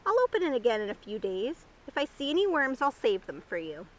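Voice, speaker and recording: A woman's voice: fairly high pitch, very animated, fairly quick, slight background noise, rough recording. A woman reading aloud voices a fussy, flustered old man gardener in a picture-book story.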